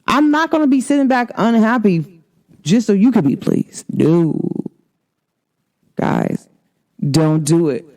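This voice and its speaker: Woman astrology host, casual and sassy, very lively pitch, talks straight to her viewers. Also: takes it slowly, long pauses. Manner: emphatic, sassy, slangy, swings pitch for emphasis. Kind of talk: casual spiritual talk to viewers.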